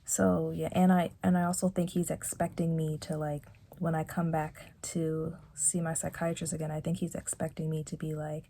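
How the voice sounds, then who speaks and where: A young woman vlogging reflectively from her bedroom, talking softly and haltingly with many fillers and restarts. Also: deep voice, level tone, husky. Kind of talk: reflective personal vlog.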